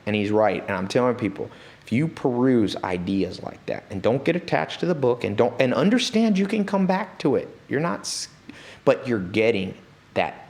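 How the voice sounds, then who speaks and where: A man talking as an interview guest in a studio, telling stories in an animated way and acting out the people he quotes. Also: medium pitch, normal speed. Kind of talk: storytelling interview talk.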